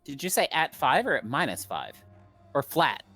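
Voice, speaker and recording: A man's voice: mid-range voice, very animated, normal speed, bright, forceful tone, husky, soft background music. Casual man playing a tabletop game. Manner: casual, blunt. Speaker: player.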